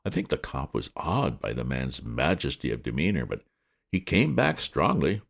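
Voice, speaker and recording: A man reading a comic novel aloud with lively, wry narration. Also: very deep voice, normal speed, creaky. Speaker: reader of classic fiction. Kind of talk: audiobook narration.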